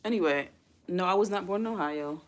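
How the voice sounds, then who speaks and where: Speaking fairly quickly in a slightly low voice, a young woman hosts her own livestream. She rambles casually, addresses viewers as y'all, and keeps throwing questions out to her chat.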